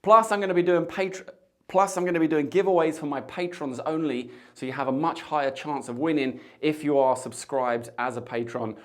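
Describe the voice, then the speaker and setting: A man's voice: fairly high pitch, steady tone, moderate pace, fairly bright tone. Chatty man hosting a cocktail tasting. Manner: chatty, jokey asides. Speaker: bartender host. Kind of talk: casual tasting chat to camera.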